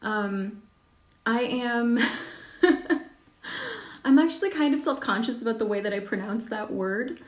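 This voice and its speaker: A woman's voice: fairly high pitch, normal speed. A woman talking casually on a live stream, answering reader questions with lots of fillers and a self-deprecating tone. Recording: echoey room.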